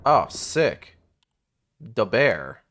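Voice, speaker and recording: A man's voice: lowish voice, sing-song, extremely slow, a bit bright. A man streaming a video game live, chatting casually and swearing as he plays, thinking aloud with plenty of fillers. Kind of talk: live gameplay commentary.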